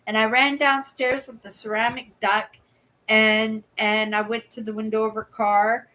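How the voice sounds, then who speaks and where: On poor audio, a woman's fairly high, bit-bright voice holds a level tone at normal speed. She's a channel host from Canada in her sixties, a chatty storyteller in a casual live chat who keeps asking "right?" and performs the voices in her quoted dialogue.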